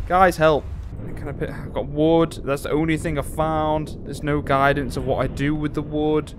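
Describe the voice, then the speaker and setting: A young man, a gaming YouTuber, commentates a horror game while playing, talking to himself and breaking into panicked screams. His voice is fairly high, with a little hiss or hum.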